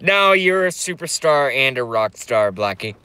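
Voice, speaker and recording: A man's voice: medium pitch, big pitch swings, a little slow, sharp tone, clear, resonant tone, no echo. A middle-aged man live streaming, rambling brashly in a crude, stop-start way to his chat. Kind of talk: casual live-stream rant.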